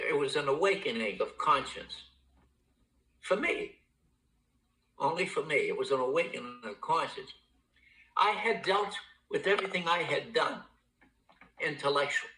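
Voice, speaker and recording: Older man, recovery meeting testimony, blunt, heavy swearing, stammers and repeats, forceful voice, echoey room. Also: on the high side. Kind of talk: personal testimony talk.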